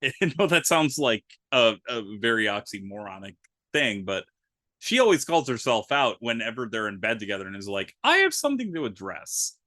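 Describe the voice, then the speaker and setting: A man co-hosting a casual film podcast, talking in an animated, emphatic way and swearing freely. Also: on the low side, moderate pace, no echo, studio quality. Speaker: podcast co-host.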